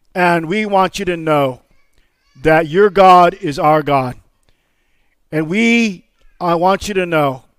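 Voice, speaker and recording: High-voiced emphatic male pastor preaching. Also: clear, resonant tone, no echo. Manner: emphatic call-and-response preaching. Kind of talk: sermon.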